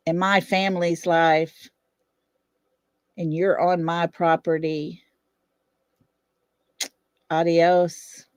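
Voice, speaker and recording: A woman's voice: lowish voice, smooth, no echo, studio quality. A middle-aged woman with a Southern US accent hosting a casual livestream chat, blunt, defiant and fiery. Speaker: livestream host.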